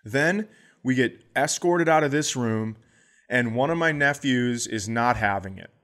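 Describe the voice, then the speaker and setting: A man's voice: mid-range voice, measured pace. A man co-hosting a podcast, telling a comic story and acting out the other voices in it. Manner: animated, acts out quoted voices. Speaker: podcast co-host. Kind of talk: casual comedic storytelling.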